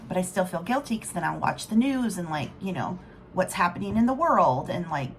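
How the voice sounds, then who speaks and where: A woman's voice: on the low side, big pitch swings, brisk, a little hiss or hum. A middle-aged woman vlogging in a candid, rambling, emotional way. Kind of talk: casual rambling vlog talk.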